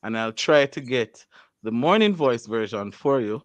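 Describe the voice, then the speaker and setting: A man's voice: mid-range voice, a little slow, no room sound, muffled recording. A man hosting a radio show in a studio, teasing and laughing as he chats with a guest. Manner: teasing, animated, laughs often. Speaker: radio host. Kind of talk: playful casual radio chat.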